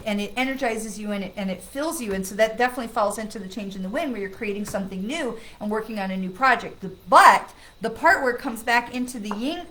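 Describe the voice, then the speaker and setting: A psychic medium whose voice is on the high side does a casual live-stream card reading, heard through a low-quality recording with slight background noise. She reassures as she talks, regularly checking in with "okay?" and "right?", and greets friends with bursts of loud, excited laughter.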